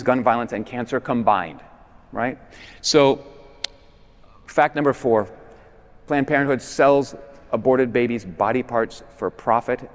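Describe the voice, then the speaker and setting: Man, conference speaker, persuasive talk, emphatic, loud peaks and quiet drops, long church reverb. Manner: emphatic, with swings between loud stresses and low, quiet endings. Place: large basilica.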